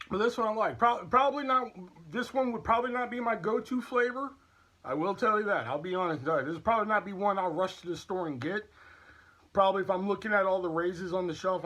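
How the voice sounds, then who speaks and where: A man's voice: high voice, sharp tone. A man hosting a casual product review and haul vlog, talking in a candid, chatty, rambling way. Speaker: YouTube channel host.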